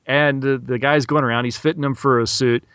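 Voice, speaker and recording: Relaxed man recapping an old film. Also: mid-range voice, a little fast, clean tone, no echo, lo-fi sound. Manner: relaxed, recounting scenes with chuckles. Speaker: podcast host. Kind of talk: casual film discussion.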